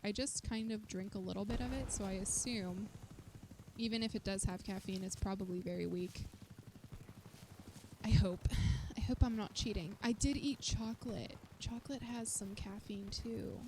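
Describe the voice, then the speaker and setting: A woman immunologist streaming a shooter game, chatting to viewers and yelping when things go wrong. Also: medium pitch. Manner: excitable, yelps and chatters to viewers while playing. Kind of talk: live-streamed gameplay commentary. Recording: loud game noise behind voice.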